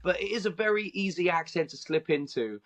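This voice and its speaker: Man, thirties, southern English accent with a hint of Australian, comedian guest, casual storytelling, fillers and restarts, fairly high voice. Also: lively intonation, a little fast, a bit bright. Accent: southern English, slightly Australian. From southern England. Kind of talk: casual interview chat.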